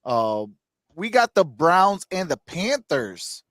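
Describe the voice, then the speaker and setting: Rambling sports host, slightly high voice. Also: male voice, very animated, takes it slowly, fairly bright tone, dry recording, studio quality. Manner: rambling, many fillers, laughs at own jokes. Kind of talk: casual sports podcast chat.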